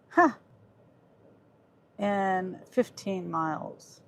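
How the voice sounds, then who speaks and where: Medium-pitched and fairly even, speaking slowly with frequent pauses, a delivery driver casually chats on a live stream from her car, reading viewers' comments aloud while driving. The dash-mounted phone recording is noisy.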